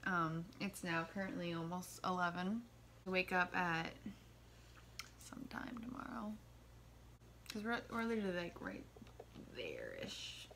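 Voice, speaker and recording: A woman's voice: on the low side, very animated, a little slow, creaky, pauses often, sharp tone. A woman in her twenties, chatty and giggly, talking to viewers in a casual travel vlog. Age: 20s. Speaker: vlogger. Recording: noisy handheld recording with ambience.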